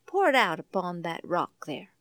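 A woman's voice: lowish voice, big pitch swings, moderate pace, a bit bright, dry recording, pitched below the performer's own voice. A woman voicing a heavenly angel who gives firm, reassuring commands. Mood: calm. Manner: firm, reassuring, plain-spoken.

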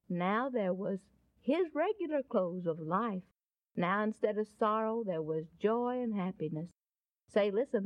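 Animated woman telling a Bible story. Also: fairly high pitch, dry recording. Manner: folksy, animated, warmly dramatic. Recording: dull lo-fi dry recording.

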